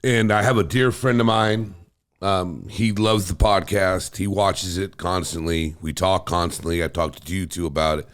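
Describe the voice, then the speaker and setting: A man co-hosting a podcast, speaking earnestly and emotionally with halting pauses. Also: sits low, steady tone, fairly bright tone, clean tone. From Salinas, California. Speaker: podcast co-host. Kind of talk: casual podcast chat.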